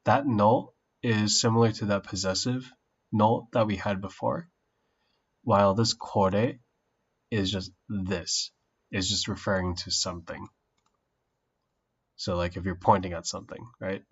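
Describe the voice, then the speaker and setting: Slow low-voiced man thinking aloud. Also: fairly even intonation, slightly rough, lo-fi sound. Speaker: language learner streaming his study. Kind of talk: casual study stream.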